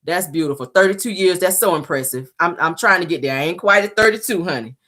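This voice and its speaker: Sassy woman hosting a live chat. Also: fast talker. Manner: sassy, blunt, talks straight to viewers; animated pitch jumps for emphasis. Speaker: livestream host. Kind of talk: casual live chat, reading viewer comments.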